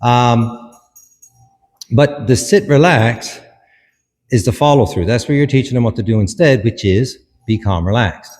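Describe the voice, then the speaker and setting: A man's voice: medium pitch, unhurried, a little mellow, faint music behind. Man coaching dog training in an echoey space. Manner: instructive, short commands to the dog. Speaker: dog behaviourist. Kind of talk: hands-on training demonstration.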